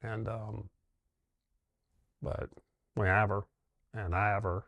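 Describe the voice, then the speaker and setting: Middle-aged guy, low voice, pretty monotone, halting heartfelt story with lots of ums. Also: no echo. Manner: halting and heartfelt, with many pauses and fillers. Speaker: dentist sharing his wife's cancer story. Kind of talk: personal reflective storytelling.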